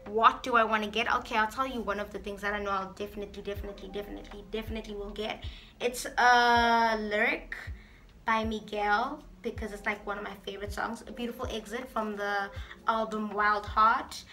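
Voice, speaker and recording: A woman's voice: medium pitch, steady tone, normal speed, bright, forceful tone, faint music behind. A woman vlogger chatting casually through a get-to-know-me Q&A, reading out each question and answering it in a playful, talkative way.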